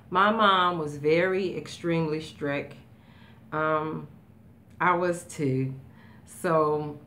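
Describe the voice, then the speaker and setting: Brief: woman, 50s, lowish voice, heartfelt rambling vlog talk, faint room ambience. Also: fairly bright tone, slight background noise. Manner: emotional, rambling, halting with fillers. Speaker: vlogger. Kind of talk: casual tag video, answering questions.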